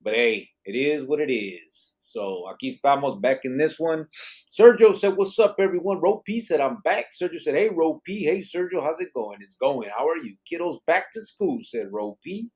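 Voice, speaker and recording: A man's voice: a little high, animated, moderate pace, darkish tone, slightly rough. Male podcast host, reads chat comments, laid-back banter. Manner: reads viewer comments aloud, drops in Spanish slang. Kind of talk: casual live-stream chat reading comments.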